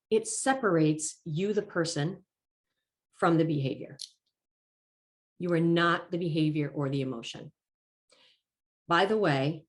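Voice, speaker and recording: A woman giving a talk as a life coach, calm and encouraging, slightly congested from allergies and clearing her throat now and then. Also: fairly low pitch. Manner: calm, encouraging and measured, stressing key phrases. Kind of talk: presented talk.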